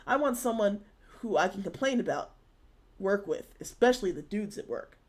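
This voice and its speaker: A woman's voice: mid-range voice, animated, normal speed, close to an everyday voice. A woman reading aloud as a confident, muscular woman superhero from a dating game, blunt and teasing. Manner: brash, teasing, easygoing.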